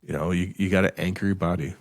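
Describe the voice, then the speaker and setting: A man's voice: low voice, fairly even intonation, fast, creaky, dry recording, studio quality. A man hosting a podcast, talking bluntly and emphatically, swearing often and repeating words as he restarts his sentences. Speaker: podcast host. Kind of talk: blunt motivational podcast talk.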